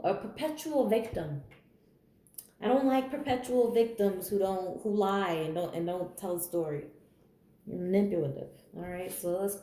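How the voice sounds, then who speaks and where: A woman's voice: medium pitch, warm tone, roomy sound. A woman giving a general tarot reading in a blunt, candid, chatty way, swearing freely and laughing as she talks. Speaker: tarot reader.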